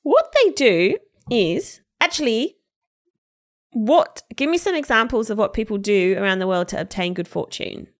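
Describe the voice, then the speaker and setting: A woman hosting a casual group podcast, introducing news articles in an unhurried way and leading the discussion. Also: fairly high pitch, lively intonation. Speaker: podcast host presenting articles.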